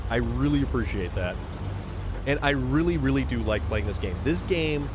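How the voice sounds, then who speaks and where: This is a man chatting his way through a driving game on a livestream. He wanders between stories and viewer questions, doubling up his words as he goes. Engine rumble from the game sits clearly behind him. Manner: rambling, repeats words, chats with viewers. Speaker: livestream gamer host. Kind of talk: casual gameplay livestream chat. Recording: game vehicle noise behind voice.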